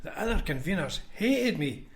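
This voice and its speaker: Speaking at normal speed, this man's voice sits high and is very animated. He's a Scot and former union convener, telling frank anecdotes in a laid-back podcast chat and performing the lines of people he quotes.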